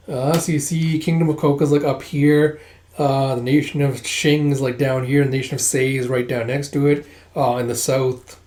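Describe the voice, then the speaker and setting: A man's voice: mid-range voice, fairly even intonation, a little mellow. Man retelling a manga, echoey room. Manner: reads dialogue aloud in quick voices with frequent laughs. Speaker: manga readthrough host. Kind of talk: casual reading and retelling of a manga.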